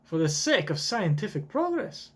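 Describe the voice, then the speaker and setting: A man voicing an excitable older genius scientist in a wavering put-on accent while reading a comic aloud. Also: sits high, normal speed, pitched above the performer's own voice, heavily acted. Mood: excited.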